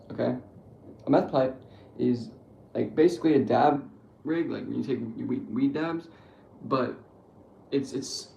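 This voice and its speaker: A man's voice: medium pitch, vocal fry, dark tone. A young man streaming, telling crude jokes in a rambling casual monologue full of swearing. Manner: crude, joking, profane storytelling. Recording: echoey room with faint noise.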